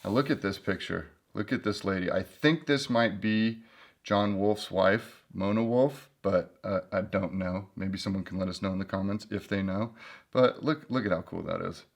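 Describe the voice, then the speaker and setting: A man's voice: low voice, normal speed, gravelly. Chatty man reviewing a guidebook. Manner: chatty and joking, flips through pages. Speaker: host reviewing an old climbing guidebook. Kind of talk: casual book review vlog.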